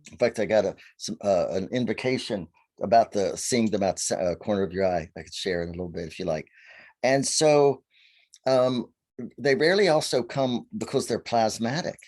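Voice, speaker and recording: A man's voice: fairly low pitch, normal speed. A man from Virginia, a guest telling stories animatedly on a video call. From Virginia, USA. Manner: animated storyteller, acting out quotes. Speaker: guest, faery seer. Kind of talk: storytelling in a conversation.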